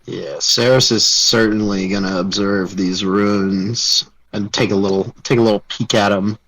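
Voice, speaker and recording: A man's voice: lowish voice, steady tone, measured pace, a bit bright, poor audio. A man playing a tabletop game who describes his character's actions in third person. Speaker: player.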